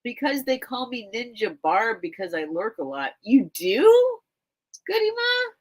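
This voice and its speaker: A woman's voice: mid-range voice, very animated, measured pace, a little mellow. Chatty woman hosting a live sale. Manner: rambling, chatty, talks straight to viewers. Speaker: host of a live online vintage sale. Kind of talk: casual live-stream chat.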